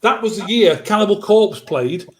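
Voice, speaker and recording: High-voiced man, chatty tag questions. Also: lively intonation, normal speed. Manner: chatty, reminiscing, asks tag questions, mild swearing. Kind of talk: casual chat.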